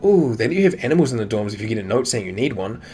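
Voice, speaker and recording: A man's voice: fairly low pitch, sing-song, racing, warm tone, faint music behind. A man voicing an eager teenage daughter. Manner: eager, chatty. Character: enthusiastic teenage daughter, cheerful.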